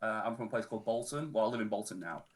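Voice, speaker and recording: A man with a Lancashire accent chatting as a guest on a stream, easygoing and relaxed, dropping local slang. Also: fairly low pitch, very fast. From Northern England. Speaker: podcast guest. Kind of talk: casual chat on a charity stream.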